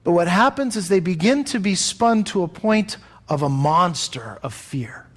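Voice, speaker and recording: Conversational preacher, slightly high voice. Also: male voice, animated, normal speed, a bit bright. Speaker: pastor. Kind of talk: sermon.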